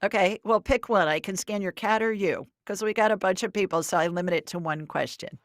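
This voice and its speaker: A woman hosting a live call-in show, chatty and quick to laugh, her pitch jumping up when excited. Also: no room sound, studio quality. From Alabama, US South. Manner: chatty, laughs easily, lively swings in pitch. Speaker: host and intuitive reader.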